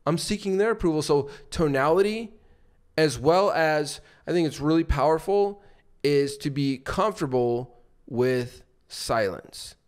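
Guy podcast host talking sales tips, smooth clear voice, kinda rambly, lots of "like". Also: on the high side, expressive, unhurried. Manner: explains by acting out short examples; loose, with frequent fillers and restarts. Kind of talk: casual instructional talk.

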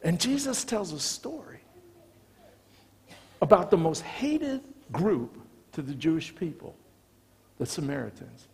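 An American man, a visiting pastor, preaching a sermon with animated storytelling, acting out the dialogue of the people in his stories. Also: a little high, unhurried, vocal fry, pauses often. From United States. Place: church sanctuary. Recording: long church reverb.

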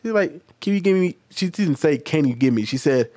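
A man's voice: a little high, lively intonation, fairly quick, dark tone, no echo. A man hosting a casual commentary video, telling stories and talking straight to his viewers. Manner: chatty, storytelling, talks directly to viewers. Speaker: commentary host.

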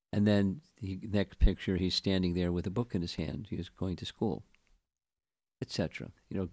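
A man giving a scripture lecture as a spiritual teacher, speaking in a halting way with frequent restarts and repeated words. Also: low-pitched, dark tone, no echo, clean studio sound.

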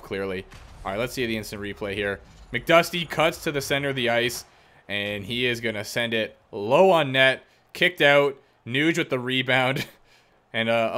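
A man giving joking, excitable play-by-play of his own video game, breaking into loud outbursts and teasing the opponents. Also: mid-range voice. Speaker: gaming YouTuber. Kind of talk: let's-play commentary.

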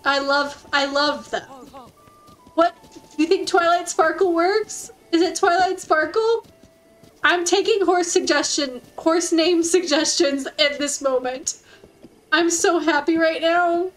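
A woman streaming a game, chatting casually and excitedly, giggling often and cooing softly at her in-game horse. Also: very high-pitched, slow pace, poor audio. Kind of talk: casual gameplay commentary.

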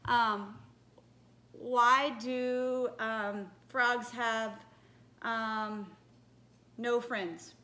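A woman's voice: fairly high pitch, fairly even intonation, very slow, pauses often, bright, forceful tone. A woman leading a church children's message, chatting playfully and laughing at herself as she tells jokes to children. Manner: playful, giggly, self-teasing. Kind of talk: casual talk to children.

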